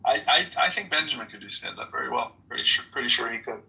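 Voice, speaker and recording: Bright-voiced man, halting and hesitant. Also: mid-range voice, lively intonation, creaky, recorded from a distance, rough recording. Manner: halting, hesitant, repeats words. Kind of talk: casual chat.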